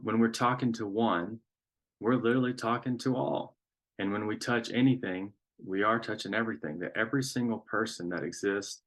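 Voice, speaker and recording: Guy with a low voice doing a spiritual talk, slow and thoughtful, lots of ums. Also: fairly bright tone. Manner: reflective, unhurried, frequent ums. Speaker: spiritual teacher.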